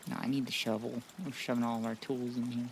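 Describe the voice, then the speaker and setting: A man gives casual commentary while playing a game, talking mostly to himself in a low, muttering way. He jokes at his own expense and drifts between quiet mumbles and brief bursts of louder chat. His voice sits at a medium pitch. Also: level tone, fast, slight background noise. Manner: chatty, self-deprecating, often mutters quietly to himself. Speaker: gaming streamer.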